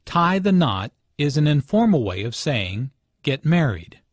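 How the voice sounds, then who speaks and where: A man narrating English lesson notes in a measured, explanatory way. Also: on the high side, very animated, husky, no echo, studio quality.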